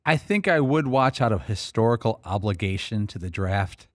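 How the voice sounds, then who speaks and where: A man with a fairly low voice talks casually on a sports radio show, reminiscing about past drafts. His studio mic sounds dry and close. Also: lively intonation, moderate pace, no room sound. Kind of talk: sports talk radio chat. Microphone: studio microphone.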